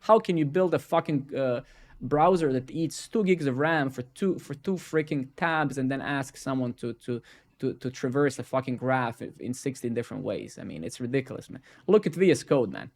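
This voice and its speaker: A live coding streamer with a mid-range, animated voice rants at a moderate pace in a casual, profane way. He keeps tagging "right?" and "man," then slips into quiet muttering as he debugs.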